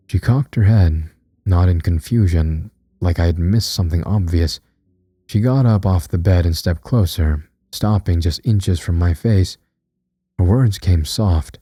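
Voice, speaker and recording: A man's voice: low voice, unhurried, dark tone, breathy edge, dry recording. A man narrating a scripted horror story in a tense, dramatic way.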